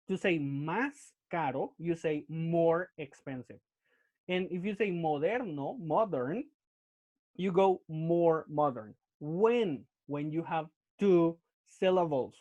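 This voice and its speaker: Patient teacher, muffled. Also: male voice, fairly high pitch, a little mellow. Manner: patient, repetitive, tag "okay?" after each point. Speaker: English teacher. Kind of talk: online class lesson. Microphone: computer mic on a video call. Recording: muffled lo-fi video call audio.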